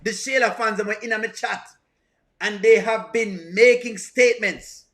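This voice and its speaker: A man with a high, bright, cutting voice, hosting a lively reaction stream. He goads his viewers and circles back over the same jokes with relish. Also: measured pace. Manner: teasing, animated, repeats lines. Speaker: reaction commentator. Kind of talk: live reaction commentary.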